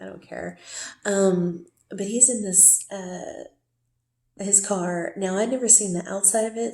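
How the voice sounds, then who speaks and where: A woman's voice: mid-range voice, vocal fry, dark tone, roomy sound. A woman casually telling a personal story in a rambling way, full of fillers and asides. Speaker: storyteller recounting a relationship.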